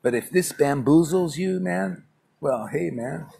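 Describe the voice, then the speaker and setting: His voice is on the high side, warm and creaky, with lively intonation and a measured pace, plus a little hiss or hum. He's a spiritual teacher holding a casual morning class in a public spot, colloquial, brash and scolding, constantly addressing his listener as "man."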